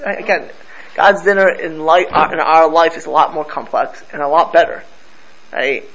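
A man's voice: on the high side, fairly even intonation, moderate pace, a bit bright, dull audio, slight background noise. A man teaching a casual religious class to a live group, chatty, often asking his listeners "right?" and weaving prayer phrases into his talk.

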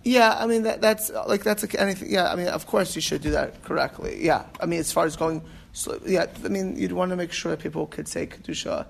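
A man's voice: high voice, fairly quick, vocal fry, hardly any pauses, breathy edge. A man teaching an informal class on prayer, rambling and restarting with emphatic asides. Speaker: rabbi teaching about prayer.

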